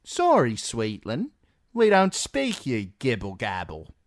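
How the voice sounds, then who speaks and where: A man's voice: medium pitch, huge pitch swings, takes it slowly, no room sound, voice pushed up, heavily acted. A cocky young guardsman, smug and leering, his voice jumping up with swagger, as a male narrator acts him out. The read is dry and up close.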